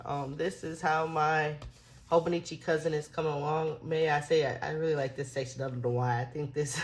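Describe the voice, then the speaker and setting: A young woman with a low voice talks her way through a planner flip-through. She rambles and laughs often, and turns emotional as she goes. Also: fairly even intonation, moderate pace. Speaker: planner vlogger.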